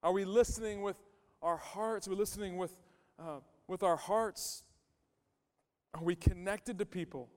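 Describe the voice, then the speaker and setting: A man's voice: high voice, unhurried, pauses often. A male pastor giving a conversational sermon, emphatic and repeating his key phrases. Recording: long hall reverb.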